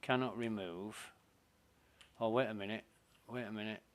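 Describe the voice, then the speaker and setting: Playing a space game, a man mutters casual commentary to himself slowly, often running himself down. His voice is on the low side, with fairly even intonation.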